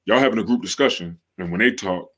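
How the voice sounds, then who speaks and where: Man, low deep voice, podcast host, casual livestream talk, slangy, repeats himself. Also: fairly bright tone. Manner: slangy, drawn-out, repeats phrases for emphasis.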